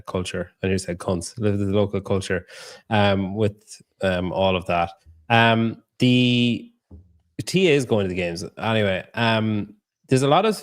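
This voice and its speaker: Lower-voiced joking podcast host man. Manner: joking, rambling, many fillers. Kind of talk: casual chat.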